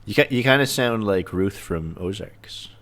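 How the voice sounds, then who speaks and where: A man with a very deep voice that still moves around a lot. He hesitates and trips over words, then slips in dry teasing remarks in a casual chat. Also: animated, normal speed, fairly bright tone. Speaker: guest answering quiz.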